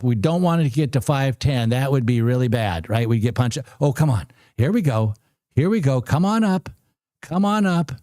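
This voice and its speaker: A man in his sixties giving live commentary on a trading stream, excitable and repeating himself as he urges the market on. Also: medium pitch, dry recording, studio quality. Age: 60s. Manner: excitable, talks to the screen, repeats phrases. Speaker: livestream trading host.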